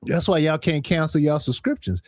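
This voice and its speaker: Man, livestream host, animated, repeats himself, slightly high voice. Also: moderate pace, dry recording, clean studio sound. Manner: animated, repeats phrases, laughs often. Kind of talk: casual call-in chat.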